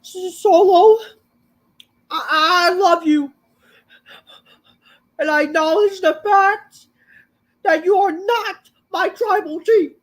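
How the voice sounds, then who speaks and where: A weeping older wrestling manager, put on by a man in a recap, pleading in a high, strained wail. The voice is pushed well above his usual register and cracks with tears. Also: slow pace, long pauses, low-quality recording. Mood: tearful pleading. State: crying.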